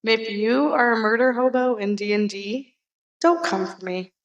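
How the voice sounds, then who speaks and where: A woman's voice: a little high, moderate pace, muffled recording. A woman co-hosting a casual podcast, speaking in a blunt, opinionated way. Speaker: podcast co-host. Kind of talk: casual chat.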